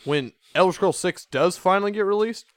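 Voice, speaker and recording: A man's voice: high-pitched, fairly quick, clear, resonant tone, no echo, studio quality. A man in his twenties, a podcast co-host, chatting casually and swearing a lot. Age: 20s.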